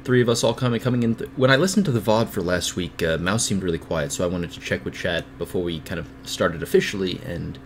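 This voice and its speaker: A man's voice: low voice, quick pace, hardly any pauses, a little hiss or hum. A man hosting a livestreamed podcast, chatting casually and rambling, with lots of fillers and restarts. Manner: rambling, self-deprecating, many fillers and restarts. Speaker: podcast host.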